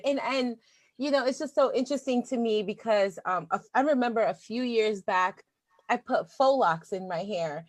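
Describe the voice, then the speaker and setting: A woman who teaches, chatting in a relaxed, reflective way. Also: on the high side, moderate pace, dry recording. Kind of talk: casual conversation.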